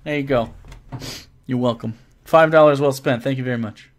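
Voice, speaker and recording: A man's voice: medium pitch, moderate pace. A man hosting a casual live stream, reading viewer messages aloud and joking around with lots of swearing and restarts.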